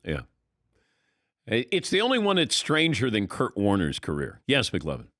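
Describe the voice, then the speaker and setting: A man's voice: fairly low pitch, moderate pace, dry recording, studio quality. A man hosting a sports radio show, talking casually and wryly about football and calling on his co-hosts by name. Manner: wry, animated, calls on co-hosts. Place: radio studio. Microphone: studio microphone.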